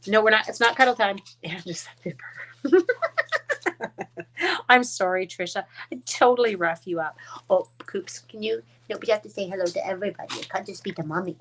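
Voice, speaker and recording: Speaking at a moderate pace, the card-making demonstrator from Canada has a medium-pitched, slightly bright voice. Her live-stream craft demo is casual and rambling, full of muttered asides and remarks to her dogs.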